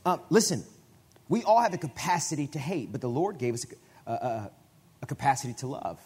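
A man preaching a sermon in a conversational way, often restarting his phrases and breaking into sudden loud bursts. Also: medium pitch, sing-song, fast, husky. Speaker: guest preacher.

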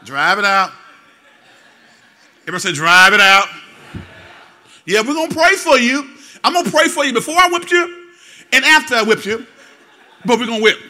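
A middle-aged male pastor preaches a sermon in a repetitive, call-and-response style, repeating phrases and calling for responses. He swings from low asides to loud exhortation.

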